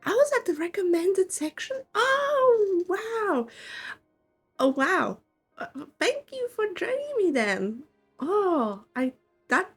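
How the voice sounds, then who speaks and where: This game-streaming vtuber, a Swiss woman with a Swiss German accent, keeps things casual and giggly, breaking into laughs often. Her very high-pitched voice swings widely in pitch and takes its time, over soft background music.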